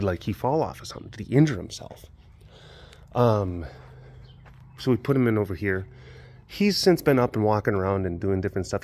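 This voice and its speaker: A man, an animal keeper vlogging outdoors by the enclosures, chatting in a rambling, excitable way with lots of fillers. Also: mid-range voice. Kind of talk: casual vlog chat.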